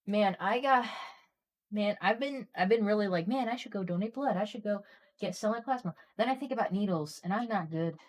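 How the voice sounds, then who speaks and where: A woman streamer chatting casually and telling a long story, getting animated and worked up as she rambles. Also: medium pitch, normal speed.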